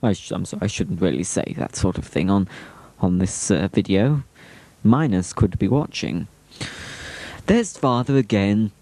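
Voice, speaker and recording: A man's voice: on the low side, sing-song, a little slow, pauses often, dark tone, no echo. A man giving a cheeky, teasing humorous voice-over on old home videos. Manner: cheeky, teasing, chuckling asides.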